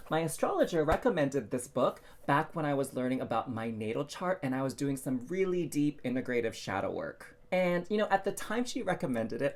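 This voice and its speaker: Spiritual coach, male, animated talk, very expressive pitch, leans on rhetorical questions. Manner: animated, drawn-out emphasis on key words; addresses viewers directly with rhetorical questions. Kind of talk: casual spiritual self-help talk.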